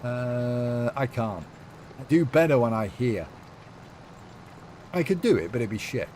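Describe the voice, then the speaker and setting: A man's voice: mid-range voice, animated, measured pace, a little mellow, slight background noise. Rambling man chatting on stream. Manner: rambling, reads chat aloud, many fillers. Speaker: game streamer. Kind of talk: casual livestream chat.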